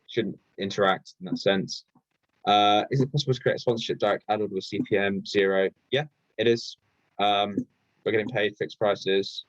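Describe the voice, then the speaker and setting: A man's voice: on the low side, no echo, highs cut off. A man presenting a live webinar, reading viewer questions aloud and answering them casually with many ums and restarts.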